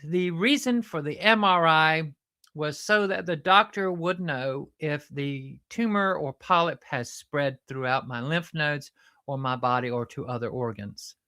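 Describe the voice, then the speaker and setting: A woman's voice: low-pitched, unhurried, pushed and bright. A woman with a Southern US accent, hosting a chatty, earnest, self-mocking update. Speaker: host. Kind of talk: casual comedic update.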